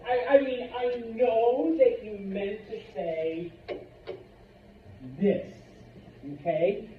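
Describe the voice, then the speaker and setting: A man teaching a Spanish class in a classroom, unhurried and checking in often with the students. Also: sits high, recorded from a distance. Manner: unhurried, many fillers and check-ins. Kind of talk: classroom lecture. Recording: roomy lo-fi classroom recording from afar.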